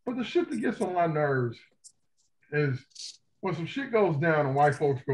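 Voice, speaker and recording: A man co-hosting a casual pop-culture podcast, ranting heatedly and with a lot of profanity, often breaking into loud outbursts. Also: fairly high pitch, sing-song, normal speed, pauses often, highs cut off. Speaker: podcast co-host.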